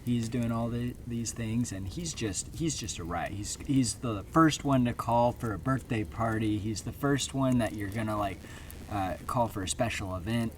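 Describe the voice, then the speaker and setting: A man's voice: mid-range voice, moderate pace, recorded from a distance. Rambling man telling a campfire story. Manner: rambling, lots of fillers and restarts. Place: outdoors at a campfire in a campground. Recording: outdoor campground noise.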